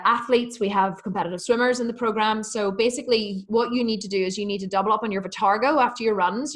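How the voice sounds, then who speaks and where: A woman hosting a live fitness Q&A, reading out viewers' comments and answering them in a fast, chatty, enthusiastic way with many restarts. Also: medium pitch, a bit bright.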